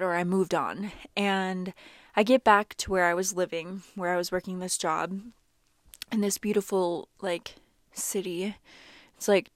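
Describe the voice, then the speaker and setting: A woman's voice: fairly low pitch, no room sound, studio quality. A young woman vlogger telling a personal story in a chatty, casual way, full of "like" fillers. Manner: chatty, animated, many "like" fillers.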